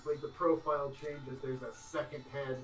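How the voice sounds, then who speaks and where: A man narrating as game master of a tabletop game, in a loose, halting way with many fillers and laughs. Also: mid-range voice, flat delivery, roomy sound, far from the mic, over loud music, rough recording.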